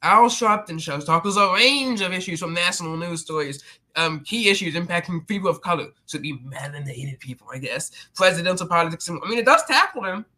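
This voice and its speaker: A man's voice: high-pitched, lively intonation, brisk, pushed and bright. A man hosting his own channel, delivering a sarcastic, mocking rant with many restarts. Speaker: channel host.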